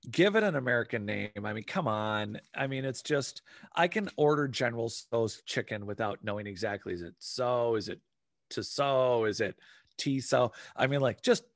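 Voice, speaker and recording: A man talking in a rambling, animated casual chat and swearing now and then. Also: mid-range voice, measured pace, dry recording, studio quality.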